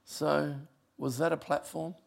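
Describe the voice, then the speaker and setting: An older man, a pastor telling personal stories in a sermon, emotional and conversational, with a gravelly voice. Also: fairly high pitch, little pitch movement, a little slow. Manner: emotional, conversational storytelling with asides. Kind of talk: sermon storytelling.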